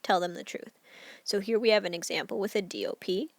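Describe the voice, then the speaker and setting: Woman teacher, recorded lesson, patient step-by-step explainer, slight vocal fry, dry close sound. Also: medium pitch, brisk, dry recording. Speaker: Spanish teacher.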